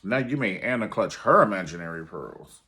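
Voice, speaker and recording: A man's voice: low voice, animated, moderate pace, bright, forceful tone. Sassy man gossiping about reality TV. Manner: sassy and theatrical, calls everyone honey. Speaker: TV show reviewer. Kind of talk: casual commentary video.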